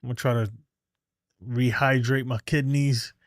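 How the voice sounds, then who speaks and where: A man's voice: mid-range voice, fairly even intonation, normal speed, dry recording, clean studio sound. A man hosting a live sports fan stream in loose, casual talk, sounding out of breath. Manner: loose and conversational, many "like" and "man". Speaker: sports fan show host.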